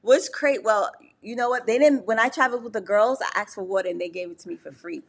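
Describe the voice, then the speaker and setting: A woman co-hosting a casual talk show with her husband from their couch, expressive and quick to laugh. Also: mid-range voice, gravelly. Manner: expressive, laughs easily, slangy interjections. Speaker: podcast co-host, wife. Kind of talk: casual chat. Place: home couch.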